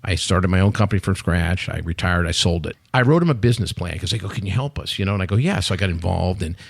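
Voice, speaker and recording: A man in his sixties, a podcast guest, telling stories in a lively casual chat and acting out the dialogue. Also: low-pitched, fast talker, vocal fry, no echo. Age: 60s. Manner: animated storyteller who acts out quoted dialogue. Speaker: podcast guest, company head.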